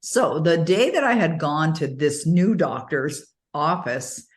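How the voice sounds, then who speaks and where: Low-voiced woman telling a story. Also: slow pace. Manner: animated storytelling, frequent laughs. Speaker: interview guest. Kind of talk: casual interview conversation.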